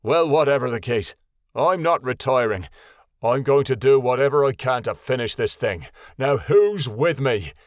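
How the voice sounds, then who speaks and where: Stubborn, bold male fighter, voiced by the narrator: loud, rousing, pushes the group on. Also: medium pitch, animated, moderate pace, no echo, studio quality, natural voice.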